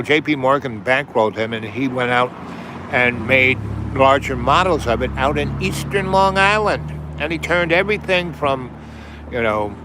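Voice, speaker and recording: A man's voice: mid-range voice, noisy background. A man in his seventies hosting a livestream, telling a rambling, digressive story with plenty of profanity and trailing asides. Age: 70s. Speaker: livestream host.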